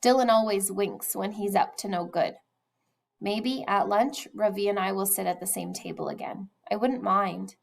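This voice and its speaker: A woman's voice: mid-range voice, normal speed, creaky, rough recording. A woman reading a children's novel aloud, telling it expressively and sometimes dropping to a whisper. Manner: expressive storytelling, drops to a whisper at times. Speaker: reader.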